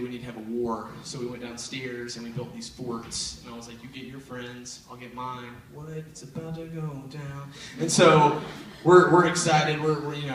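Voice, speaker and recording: Energetic young man preaching in an echoey hall. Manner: animated storytelling, jumping to loud high voices for quoted kids. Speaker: youth pastor. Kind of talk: youth sermon with personal story. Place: large church auditorium. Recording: very echoey hall, mic at a distance.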